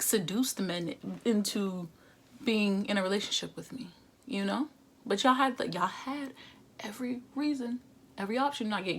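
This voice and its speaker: A woman's voice: medium pitch, fairly bright tone. Young woman vlogger, blunt and sassy, casual confessional delivery. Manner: sassy, blunt, conversational with slang. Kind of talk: candid confessional talk to camera.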